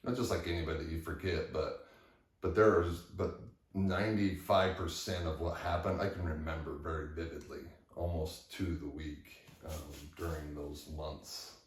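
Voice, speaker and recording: A man telling a personal story to the camera in a candid, halting way with frequent restarts. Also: low-pitched, steady tone. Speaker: vlogger. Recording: echoey room, far from mic.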